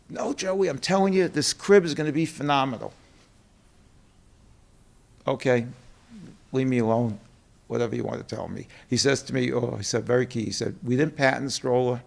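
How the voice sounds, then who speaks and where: Middle-aged man, New York accent, gravelly voice, lively storyteller who acts out the quotes. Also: medium pitch. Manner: animated storyteller acting out quotes. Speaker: guest, company co-president. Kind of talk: storytelling interview.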